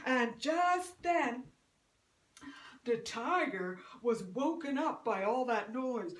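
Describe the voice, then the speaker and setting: Slow, sing-song woman storyteller. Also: fairly high pitch, lively intonation, a bit bright. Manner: rhythmic, sing-song, dramatic pauses. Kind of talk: folk tale storytelling. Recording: roomy echo, mic at a distance.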